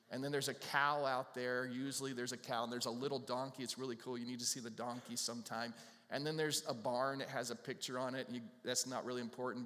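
A man's voice: medium pitch, bright, forceful tone. A man preaching an expository sermon in a casual, folksy way, joking with the congregation. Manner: conversational, folksy, jokes with the congregation. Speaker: pastor. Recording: long reverb from a large hall.

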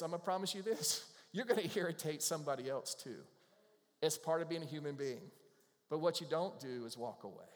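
A man preaching a sermon as a pastor, animated and acting out quotes with little laughs. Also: a little high, long reverb tail. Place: church.

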